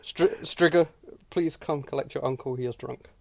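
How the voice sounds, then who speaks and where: Gravelly man with wry remarks. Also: mid-range voice, moderate pace, no room sound. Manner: dry, wry remarks with stammered restarts. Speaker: podcast co-host. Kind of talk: casual chat.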